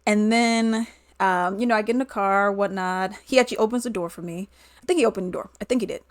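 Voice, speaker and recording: A woman's voice: medium pitch, quick pace, dry recording, studio quality. Chatty woman telling a dating story. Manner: chatty, laughs often, animated retelling. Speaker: vlogger. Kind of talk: casual storytime.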